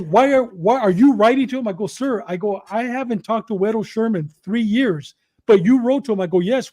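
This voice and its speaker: An older man from Southern California with a high voice tells his stories as a guest. He acts out the back-and-forth dialogue with energy, repeating words and restarting his phrases as he goes. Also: warm tone. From Southern California, USA. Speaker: podcast guest, former correctional officer. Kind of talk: conversational storytelling.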